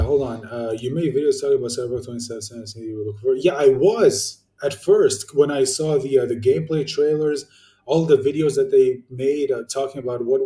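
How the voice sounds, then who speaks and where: Answering comments from his audience, this young man rambles through a loose vlog rant, cursing freely, using lots of fillers and starting sentences over with blunt frankness. His voice is mellow, dark and mid-range. The mic is a fair way off, and the room echoes.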